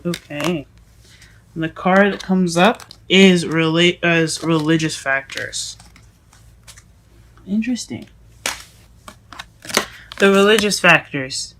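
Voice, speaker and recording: A woman giving a casual tarot reading to her viewers, halting and self-correcting as she goes, often calling them "guys". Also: on the low side, noisy background. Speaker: tarot reader.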